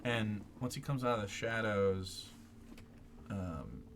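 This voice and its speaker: A man's voice: lowish voice, lively intonation, takes it slowly, slight background noise. A man narrating as game master, rambling with many fillers while he describes the scene.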